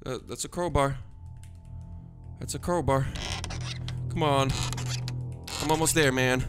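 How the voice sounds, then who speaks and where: A man's voice: medium pitch, fairly even intonation, measured pace, a bit bright. A man whose first language is Dutch, commentating a horror game he is playing, jumpy and panicky with nervous laughter, into a headset mic. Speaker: gaming streamer. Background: game music.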